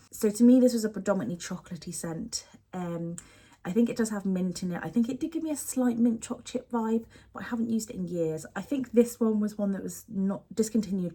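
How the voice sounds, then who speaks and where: A woman's voice: medium pitch, mellow, slightly rough. A young woman, chatting casually and gushing to camera about beauty products she misses. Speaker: beauty vlogger.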